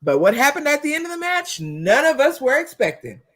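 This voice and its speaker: A woman co-hosting a show in casual chat, animated, sometimes breaking into loud excited yelling. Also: high-pitched, a little fast. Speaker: co-host.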